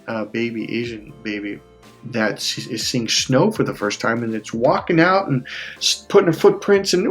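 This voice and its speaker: Emotional man rambling, close to tears. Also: medium pitch. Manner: rambling, emotional, with frequent restarts and laughs. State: on the verge of tears. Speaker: life coach. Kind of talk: casual personal monologue.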